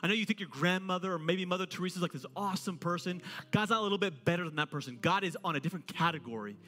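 A man preaching a sermon to his church, joking and animated as he goes. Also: sits high, very fast. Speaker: pastor. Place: church auditorium. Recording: reverberant hall with faint music.

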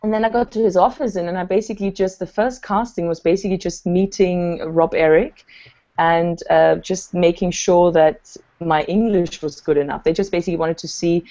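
A woman's voice: fairly low pitch, fairly even intonation, moderate pace, mellow, highs cut off. A woman actress telling a long story in a casual interview, rambling and full of fillers. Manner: chatty, rambling, many fillers. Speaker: actress and guest. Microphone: video call.

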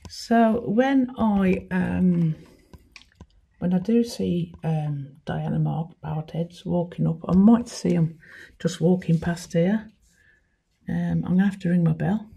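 A woman with a fairly low, dark voice, vocal fry and fairly even intonation narrates a house tour on her phone. She is casual and chatty, admiring every room, going slowly, pausing with ums and often sounding breathless.

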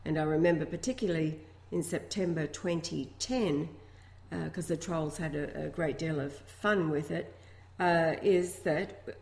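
A woman co-hosting a talk-radio show, speaking in a measured, matter-of-fact way. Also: low-pitched, creaky, darkish tone, echoey room. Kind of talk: casual talk-radio chat.

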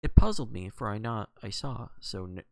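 A man voicing a stiff, reserved English gentleman under strain in an audiobook reading, speaking hesitantly. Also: on the low side, animated, normal speed, vocal fry.

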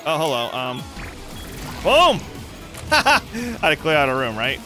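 A young man hosting a let's play, goofy and excitable, joking and yelping at the game. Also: medium pitch, normal speed. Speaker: gaming channel host. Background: game music.

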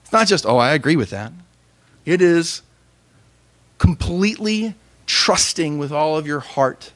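A young man, a pastor, giving an earnest sermon with emphatic pauses. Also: high voice, a bit bright.

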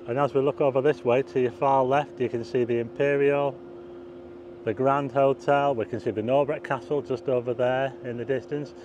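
A vlogger gives chatty, rambling walking-tour commentary outdoors at night on a car park roof and through town streets, pointing things out to viewers. His medium-pitched voice has fairly even intonation, a normal speed and a darkish tone, recorded lo-fi with slight background noise.

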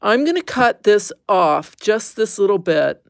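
A woman's voice: mid-range voice, very animated, a little slow, vocal fry, dry recording, clean studio sound. A woman hosting a casual craft livestream, chatting with viewers, easily amused and squeamish, laughing and exclaiming. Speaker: livestream host.

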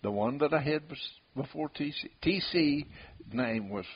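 A man's voice: on the high side, normal speed, husky. An older man, telling folksy stories in casual conversation and laughing at his own tales. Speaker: bloodhound tracker. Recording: dull lo-fi recording with hiss.

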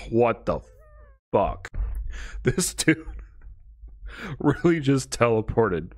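A man's voice: medium pitch, very animated, drawn-out words, long pauses, darkish tone. A young man hosting an anime reaction channel, exclaiming, swearing and laughing his way through casual commentary. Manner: exclamatory, profane, keeps breaking into laughter.

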